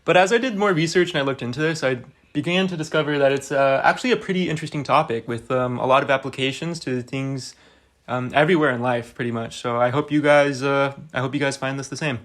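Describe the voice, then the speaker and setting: A man's voice: mid-range voice, fast, fairly bright tone. A young man co-hosting a casual podcast, speaking hesitantly with many fillers and an agreeable manner. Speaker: podcast co-host.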